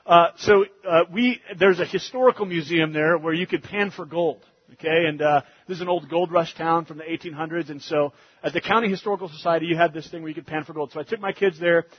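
A man preaching, telling a family story in an animated way that gets loud and fast in the funny parts. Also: fairly high pitch, breathy edge, muffled recording. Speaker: pastor. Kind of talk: sermon storytelling.

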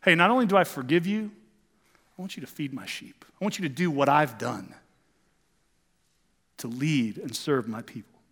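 A preacher quoting a gentle, earnest Jesus. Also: male voice, fairly high pitch, lively intonation, moderate pace, pauses often, breathy edge, big-room sound, full character voice. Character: Jesus, gentle questioning shepherd, male adult.

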